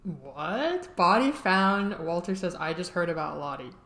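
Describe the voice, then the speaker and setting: A young woman reacting to a TV episode in a casual, chatty way, laughing often and full of "like"s. Her voice sits a little lower than most women's. The room around her has a clear echo. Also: animated, measured pace, a bit bright, soft background music. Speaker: TV reaction vlogger. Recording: roomy echo.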